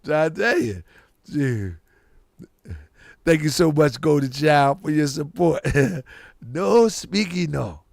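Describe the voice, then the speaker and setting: Man hosting a rambling live stream, lively swooping pitch, gravelly, close and dry. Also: slow pace, pauses often, no room sound. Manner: rambling and animated, with bursts of loud laughter. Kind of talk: casual live-stream chat.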